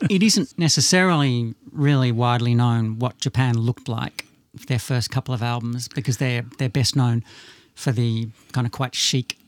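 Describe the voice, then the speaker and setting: A man co-hosting a music podcast, relaxed in casual chat and laughing easily. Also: mid-range voice, moderate pace, hardly any pauses, dry recording. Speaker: podcast co-host.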